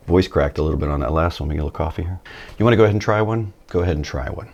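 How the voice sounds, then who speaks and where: A man giving a relaxed, chatty video lesson, with folksy asides, a little tired early in the morning. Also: low-pitched, brisk. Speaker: Spanish teacher.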